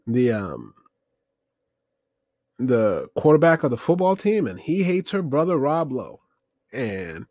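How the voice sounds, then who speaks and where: A man's voice: mid-range voice, a little mellow, slightly rough, no room sound. A man rambling through a casual movie review, hesitant and full of fillers as he looks things up while talking.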